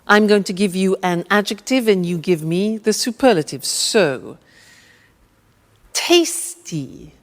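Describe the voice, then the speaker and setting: A woman's voice: medium pitch, expressive, slow pace. A woman presenting an English lesson, speaking carefully and patiently as she drills grammar forms with the viewer. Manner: patient, over-enunciated, prompting. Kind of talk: slow, drilled language lesson. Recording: long reverb.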